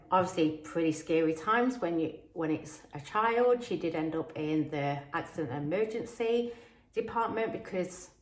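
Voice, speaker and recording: Croaky aussie-born woman, sick voice, lowish pitch, chatty vlog with lots of ums, echoey room. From Australia. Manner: chatty and rambling, many fillers. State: croaky from illness. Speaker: budgeting vlogger. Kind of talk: casual talk to camera.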